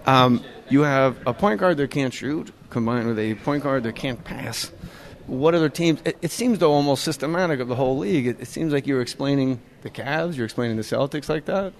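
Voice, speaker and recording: A middle-aged man hosting a casual sports podcast, joking and rambling excitably. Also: mid-range voice, brisk, a little hiss or hum. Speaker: podcast host. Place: arena after a game.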